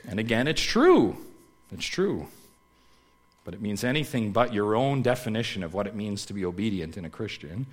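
Emphatic male pastor preaching. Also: medium pitch. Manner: emphatic, repeats key phrases, swings from loud to hushed. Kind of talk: sermon.

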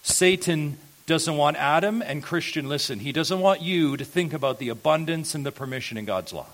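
Man, pastor, expository sermon, fairly high voice, emphatic, rhetorical questions. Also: lively intonation, moderate pace. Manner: emphatic preaching, rising loud on key points and dropping low and soft; asks the congregation rhetorical questions.

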